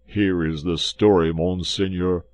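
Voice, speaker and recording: A man's voice: low voice, fairly even intonation, unhurried, a little mellow, no echo. A man voicing a frightened innkeeper who pleads in a trembling, pitiable voice. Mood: anxious.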